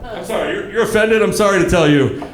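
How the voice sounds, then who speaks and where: A man in his thirties performing a stand-up comedy set, telling dark stories in a deadpan way with asides to the audience. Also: high voice, fast talker, a little hiss or hum. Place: comedy club stage, live audience. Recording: echoey club room with crowd laughter.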